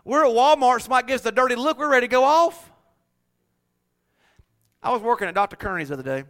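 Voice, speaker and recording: A middle-aged man preaching a sermon, telling folksy stories in an animated way and laughing often. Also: extremely high pitch, quick pace.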